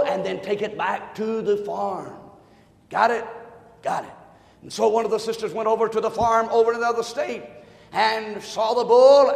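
High-pitched preacher guy, folksy, gets loud, echoey church sound. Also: vocal fry. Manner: folksy, swings from quiet to shouting. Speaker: pastor. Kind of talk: sermon with a joke story. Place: church sanctuary. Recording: echoey hall, long reverb.

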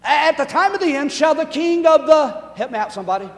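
A male pastor preaching a sermon, talking fast, calling for amens and rising to shouts. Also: extremely high pitch, animated, in a large hall. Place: church sanctuary.

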